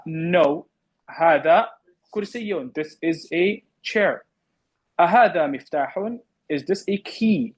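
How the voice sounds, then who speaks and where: A man teaching an Arabic class to students in the room and online, patiently repeating words slowly. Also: fairly high pitch, breathy edge, poor audio.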